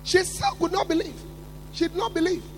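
A man preaching a sermon with emphatic build-ups, repeating words and rising to shouts. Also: very high-pitched, a little fast, slight background noise.

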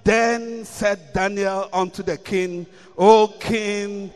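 A man's voice: sits high, steady tone, takes it slowly, hardly any pauses, big-room sound. A man preaching a sermon, reading scripture and repeating key lines with rising emphasis.

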